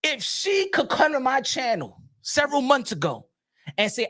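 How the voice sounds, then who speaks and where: A man hosting a small boxing channel, ranting comically, laughing and repeating lines with shouted bursts. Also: extremely high pitch, very animated, normal speed. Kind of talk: comedic rant commentary.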